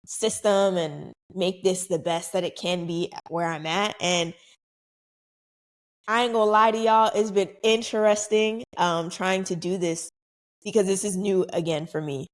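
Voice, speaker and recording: A young adult woman hosting her own podcast, telling a story in a casual, chatty way and acting out other people's lines. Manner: chatty, animated, acts out quoted voices higher. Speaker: podcast host.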